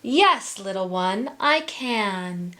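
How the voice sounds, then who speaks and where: A woman voicing a huge, gentle mother blue whale who speaks softly and soothingly in a storybook reading. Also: mid-range voice, expressive, very slow.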